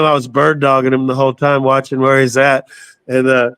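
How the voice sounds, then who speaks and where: An older man telling a story as an interview guest, animated, swearing freely and laughing as he goes. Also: mid-range voice, a little fast, smooth, dry recording. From southern United States. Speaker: guest musician.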